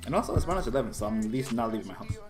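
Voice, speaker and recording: A man's voice: mid-range voice, big pitch swings, racing, music in the background. Profane young man in casual chat. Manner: loose, profane, laughing often. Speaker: podcast co-host.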